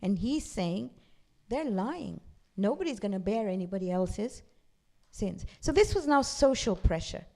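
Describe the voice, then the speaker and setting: A woman's voice: medium pitch, lively intonation, unhurried, dark tone. A woman teaching a Quran class at a mosque. She talks conversationally with asides, recites Arabic verses and translates them. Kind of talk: religious class lecture. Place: mosque hall.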